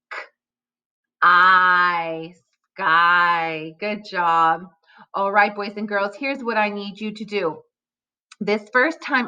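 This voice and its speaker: A woman teacher giving a recorded phonics lesson to young children, speaking slowly and articulating every sound clearly. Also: mid-range voice, pushed and bright, muffled recording.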